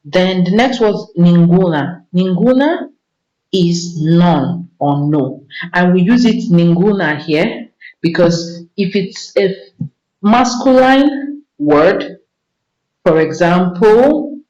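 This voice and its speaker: Woman teacher, slow and patient, repeats each word, echoey room, dull lo-fi sound. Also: on the low side, lively intonation, a little mellow. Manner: patient, repeats words slowly for learners. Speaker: Spanish teacher. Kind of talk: vocabulary lesson.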